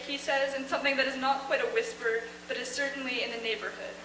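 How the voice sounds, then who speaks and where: Student girl reading her sad story on stage, high and bright, echoey far-off theater sound. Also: steady tone, fast talker, hardly any pauses. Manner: earnest and emotional. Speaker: student reader at a showcase. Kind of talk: dramatic first-person story reading. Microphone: far camera in audience. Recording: echoey theater taped from afar, faint hum.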